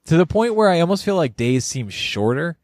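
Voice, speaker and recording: A man's voice: a little high, very animated, a little fast, a little mellow. A man co-hosting a casual podcast, laughing often and rambling as he talks. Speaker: podcast co-host.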